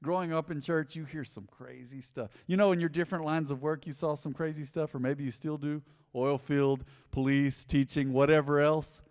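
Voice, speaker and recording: A male pastor preaching a sermon in a church hall, animated and conversational, often repeating his points. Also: a little high, normal speed, hardly any pauses. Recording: long hall reverb.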